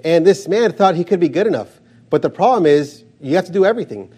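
A male preacher working through scripture, stopping every few words to say "notice" and press his point. His voice sits a little high for a man yet sounds dark and mellow. He talks with emphatic, steady conviction. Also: quick pace, slightly rough. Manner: repeats "notice" while reading verses aloud, emphatic. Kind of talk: expository sermon reading scripture.

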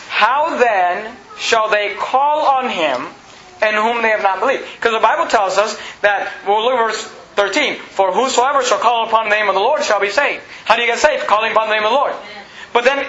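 A man's voice: high voice, fast, bright, forceful tone, roomy sound, muffled recording. A man pastor preaching a sermon, asking the congregation rhetorical questions and building emphasis. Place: church sanctuary.

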